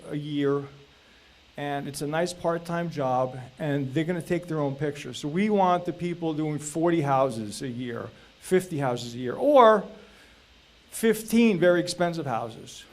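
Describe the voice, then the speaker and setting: A middle-aged man talks casually to a room of peers in a slightly high voice. He rambles through anecdotes with asides and little jokes, in an easy, informal way. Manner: chatty, anecdotal, jokey. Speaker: real estate videographer presenting. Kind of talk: casual talk at a group meeting.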